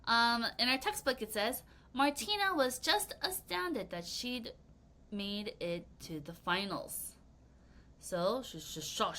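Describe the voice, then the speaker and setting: A young woman leads a children's vocabulary lesson with a bright, clear tone and a very lively, bouncing pitch. She acts out example reactions with gasps and exclamations. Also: a little slow, a little hiss or hum. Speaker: English vocabulary teacher.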